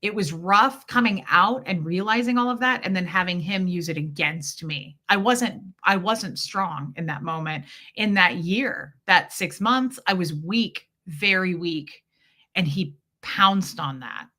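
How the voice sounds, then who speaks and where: A woman talking to her live viewers in a candid, expressive way and acting out the people in her story. Her voice is bright and forceful and sits a little low. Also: a little slow. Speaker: livestream host. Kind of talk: casual chat with live viewers.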